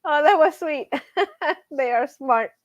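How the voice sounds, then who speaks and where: A woman's voice: sits high, lively intonation, takes it slowly, no echo. Chatty woman hosting a livestream. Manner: chatty, laughs often, reads out chat names. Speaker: livestream host. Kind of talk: casual livestream chat.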